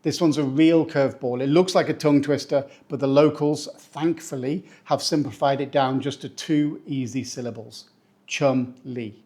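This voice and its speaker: A man from England, a teacher giving a playful pronunciation lesson who slows down to say each word. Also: medium pitch, steady tone, mellow. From northeast England. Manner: playful, slows down to spell out words. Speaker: English teacher.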